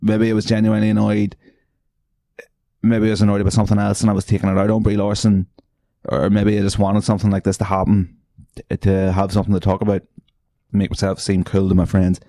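A man's voice: lowish voice, completely flat delivery, quick pace, dark tone, dry recording. An Irish man hosting a podcast, rambling through a story with lots of swearing and self-mockery. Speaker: podcast host. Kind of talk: casual monologue. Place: bedroom.

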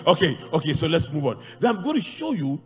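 A man preaching a sermon to a congregation, animated and rising into shouts. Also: a little high, fast talker. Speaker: pastor. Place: large church hall. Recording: church hall reverb with faint music.

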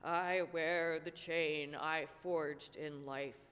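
A woman voicing a grim old male ghost weighed down by chains, speaking slowly and heavily. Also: steady tone, a bit bright, exaggerated voice. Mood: solemn. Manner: slow, heavy, booming warning. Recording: long church reverb.

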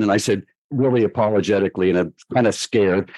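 Older male guest, low voice, animated raconteur, dry close sound. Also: fairly quick, few pauses, no room sound, rough recording. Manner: lively storyteller who acts out quoted voices. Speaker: guest choreographer. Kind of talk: storytelling in a podcast interview.

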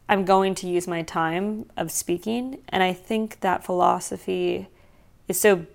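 A woman's voice: fairly low pitch, gravelly. A woman hosting her own show, talking in a casual, sardonic way that turns reflective. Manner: sardonic and animated, softening to reflective. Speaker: podcast host. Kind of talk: casual solo commentary.

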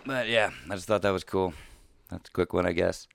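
Deep-voiced man in casual profane chat. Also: steady tone, a little fast, vocal fry, fairly bright tone, dry recording. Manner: loose, profane, rambling. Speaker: podcast co-host.

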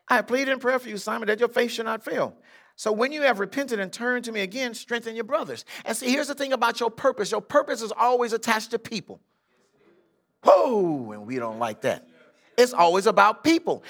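An older man, a bishop, preaching a lively sermon and acting out Bible figures in street slang. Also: high voice. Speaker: pastor. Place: church sanctuary.

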